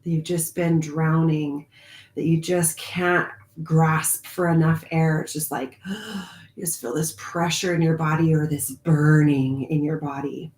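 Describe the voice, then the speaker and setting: Her deep voice comes across level in tone, with a roomy sound, as she leads a live online spiritual group. She talks in a warm, confiding way, laughing frequently and speaking slowly at moments.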